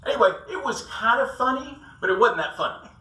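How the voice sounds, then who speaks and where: A man's voice: very high voice, animated, brisk, bright, forceful tone. A man giving a casual sales talk to an audience, telling stories and acting out quotes in a folksy way. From South Carolina. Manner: storytelling, acts out quotes, folksy asides. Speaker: sales coach speaker. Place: roomy event hall. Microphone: distant room mic. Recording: echoey room, voice from far off.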